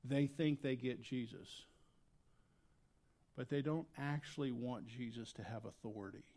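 A man preaching a sermon as pastor, swinging between loud emphatic lines and quiet, low asides. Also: unhurried. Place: church sanctuary.

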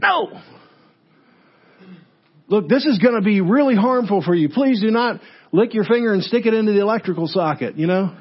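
A man's voice: sits high, expressive, normal speed, long pauses, slightly rough, muffled recording, voice pushed up. A man acting out stubborn people who refuse like a defiant toddler, in a raised, whiny voice. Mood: petulant. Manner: petulant, foot-stomping refusal.

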